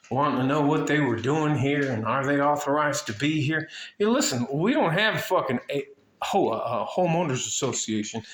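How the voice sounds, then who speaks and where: A man's voice: medium pitch, a little hiss or hum. A man from Detroit telling a story in a casual vlog rant, swearing often and rambling with many fillers and restarts. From Highland Park, Detroit. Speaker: vlogger.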